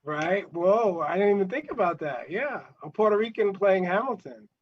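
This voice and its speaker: A man hosts a casual live show, friendly but hesitant as he restarts his sentences. His voice sits a little high, and the video call audio is dull. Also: animated, moderate pace, breathy edge. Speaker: show host. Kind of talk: casual hosting chat.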